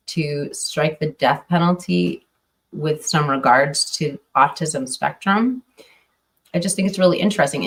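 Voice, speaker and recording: A woman's voice: sits low, far from the mic. A woman commenting casually on a livestream, hesitant and full of fillers and restarts. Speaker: true crime streamer.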